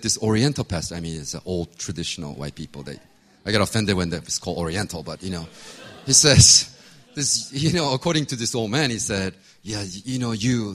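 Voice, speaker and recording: Animated man telling a sermon story. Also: sits low. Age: 50s. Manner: animated storytelling, acts out voices, laughs often. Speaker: pastor.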